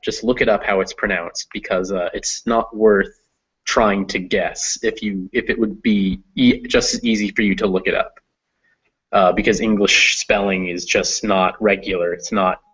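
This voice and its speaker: A man's voice: fairly low pitch, a bit bright, slightly rough, muffled recording. A man tutoring a student in reading English, explaining patiently with many fillers. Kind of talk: one-on-one reading lesson.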